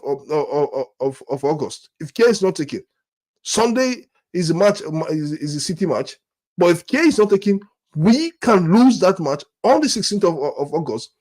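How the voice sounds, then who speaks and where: This football fan channel host has a high-sitting voice with a darkish tone. Angry and disappointed, he delivers a frustrated rant to camera, repeating words, restarting in stammers, and firing off one exasperated rhetorical question after another.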